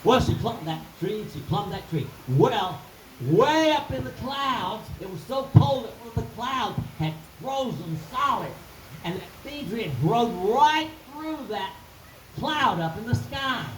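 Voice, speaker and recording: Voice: mid-range voice, sing-song, measured pace, roomy sound, slight background noise, low-quality recording. A storyteller telling a folk tale in a live skit, in a folksy, sing-song way with chanted refrains.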